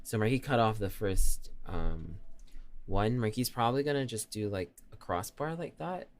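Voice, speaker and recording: A young man chats casually on a live stream, speaking in a fairly low, expressive voice at a normal speed. He refers to himself in the third person and pokes fun at himself in a self-mocking, talkative way.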